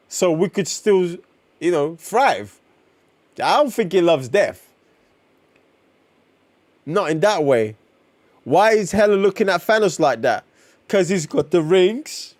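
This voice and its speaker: Male streamer, unhurried but exclaiming, lively pitch swings; comic reaction read. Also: no room sound. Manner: excitable, exclaiming, swearing, slangy.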